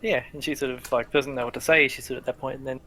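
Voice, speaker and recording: A man's voice: medium pitch, fairly even intonation, rapid-fire, noisy background. A man narrating as game master of a tabletop game, chatty, with many fillers.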